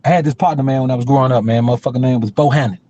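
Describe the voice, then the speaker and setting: A man's voice: mid-range voice, fairly even intonation, rapid-fire, dark tone, muffled recording, a little hiss or hum. A middle-aged man telling a street story in a casual, profane, emphatic way as a podcast co-host.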